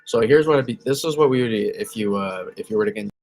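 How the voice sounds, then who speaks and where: Speaking fast in a low, darkish voice, a male weather channel host runs a casual livestream. He meanders through model maps, often catching his own mistakes and reacting to the chat.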